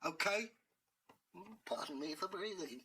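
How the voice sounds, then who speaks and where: A no-nonsense tomcat with a bright, cutting voice and a hint of menace, as a man puts him on. He is blunt and matey in the way he talks. A faint noise sits under the recording. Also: high voice, animated, unhurried, voice pushed up, full character voice, low-quality recording. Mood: menacing. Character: gruff blunt male cat, streetwise and threatening.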